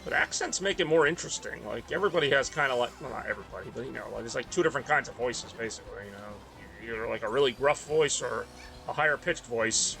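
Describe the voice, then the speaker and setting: A man's voice: mid-range voice, fast talker, creaky, a bit bright, faint music behind. A man from the Northeast US, tired and rambling in casual chat while streaming a racing game. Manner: rambling, self-deprecating, mumbly asides.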